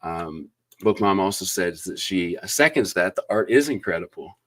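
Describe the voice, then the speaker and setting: Low-voiced man hosting an eager live chat. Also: expressive, moderate pace. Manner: enthusiastic, effusive, many fillers and shout-outs. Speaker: booktube interview host. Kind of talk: live-stream interview chat.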